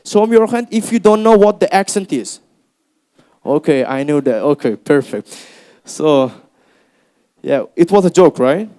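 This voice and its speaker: A young man with an Uzbek accent teaching a speaking workshop to a class, lively and encouraging, often calling them guys. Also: fairly high pitch, a little slow, long pauses, smooth. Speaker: English teacher. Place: classroom with students.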